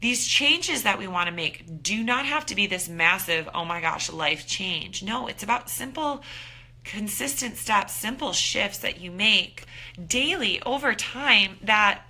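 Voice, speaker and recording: A woman in her thirties giving an upbeat, animated motivational talk as a wellness coach, acting out her own thoughts. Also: mid-range voice, a little slow.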